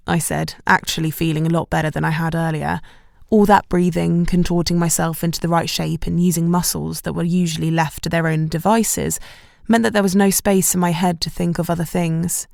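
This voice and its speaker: A woman reads a romance novel in the first person, wry and self-mocking. Her voice is low with a gravelly edge, recorded close and completely dry. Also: fairly even intonation, normal speed, darkish tone, dry recording. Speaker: audiobook narrator. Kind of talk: first-person scripted narration.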